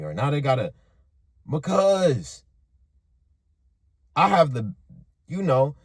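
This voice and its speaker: A man with a husky voice and a somewhat high pitch tells a story in a casual monologue. His delivery is animated and profane, and his pitch leaps up and drops often as he moves between hushed and loud. The sound is dry and close. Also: unhurried, pauses often, dry recording. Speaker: motivational vlogger.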